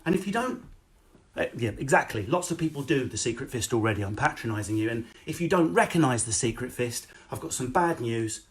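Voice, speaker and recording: A man doing a live-streamed stand-up set from home, brash and sweary with quick animated delivery. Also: medium pitch. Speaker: stand-up comedian. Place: home, indoors. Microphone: phone or webcam.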